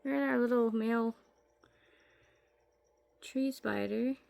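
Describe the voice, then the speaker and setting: A woman chatting casually in a home basement as she shows her pet tarantulas. She rambles, trails off mid-sentence and coos softly at her animals. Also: fairly high pitch, fairly even intonation, slow pace, creaky, no room sound. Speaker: pet keeper showing her tarantulas and fish. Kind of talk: casual vlog chat.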